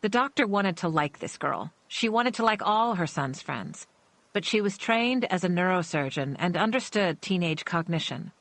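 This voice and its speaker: Female audiobook narrator, low register, steady measured delivery, dry close mic. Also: no echo. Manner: measured storytelling, voicing characters with small shifts. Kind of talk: scripted narration.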